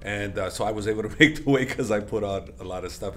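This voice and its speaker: Middle-aged man, lowish voice, casual rambling storyteller, lots of fillers and self-corrections; interview guest. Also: quick pace, fairly bright tone. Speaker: interview guest, MMA coach.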